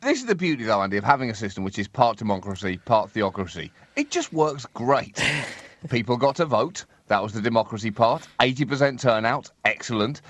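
A man co-hosting a satirical comedy podcast, sardonic and animated, often laughing through his lines. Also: mid-range voice, brisk, no echo.

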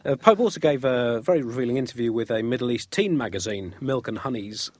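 A man's voice: medium pitch, animated, fast, a little mellow, no room sound. A man co-hosting a satirical comedy podcast, delivering absurd jokes in a dry, mock-formal way.

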